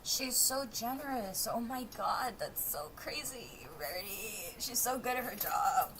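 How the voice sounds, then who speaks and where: A woman vlogger in casual chat, chatty and excitable as she reacts to a video. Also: a little high, a little slow, noisy background. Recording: voice over music.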